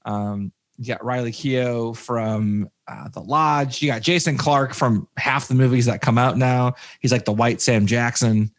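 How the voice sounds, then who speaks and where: A man's voice: medium pitch, fairly even intonation, measured pace, few pauses. A man co-hosting a casual movie review podcast, rambling with many fillers and restarts, with jokey asides. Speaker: podcast co-host.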